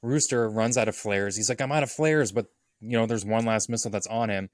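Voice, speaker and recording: A man's voice: on the low side, fairly quick, no echo, studio quality. A man co-hosting a podcast, eagerly retelling film scenes in casual chat. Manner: animated retelling, acts out quoted lines. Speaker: podcast co-host. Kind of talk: casual movie recap chat.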